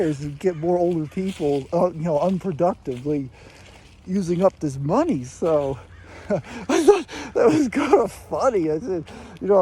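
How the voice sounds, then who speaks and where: A man's voice: sits high, mellow, slightly rough. A middle-aged man casually recounting an anecdote as a vlogger, rambling with many fillers and chuckling along. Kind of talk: casual storytelling monologue.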